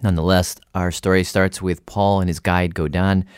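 A man's voice: sits low, moderate pace, smooth, dry recording, clean studio sound. A man hosting a radio show, narrating and asking curious questions in a conversational way. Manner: curious, animated interjections.

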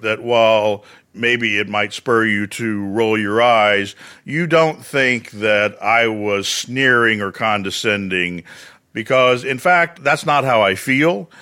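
A man with a Central Texas drawl, a radio correspondent being interviewed, telling things with dry, wry deadpan humor. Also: on the low side.

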